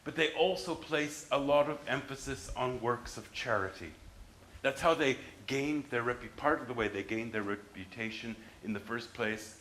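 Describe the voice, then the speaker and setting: A man's voice: medium pitch, normal speed, a bit bright, echoey room, a little hiss or hum, low-quality recording. A man giving a university history lecture, emphatic and restarting his sentences as he explains.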